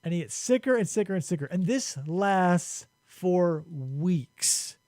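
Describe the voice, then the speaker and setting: A man's voice: high-pitched, expressive, a little slow, darkish tone, no echo, clean studio sound. A man hosting a podcast, recapping an ancient epic in a casual, crude, joking way. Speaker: podcast host. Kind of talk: casual, profane story recap.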